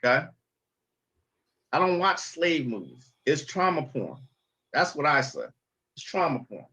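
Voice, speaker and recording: A man's voice: on the high side, big pitch swings, a little slow, bright, forceful tone. A man speaking bluntly and emphatically in a casual vlog clip.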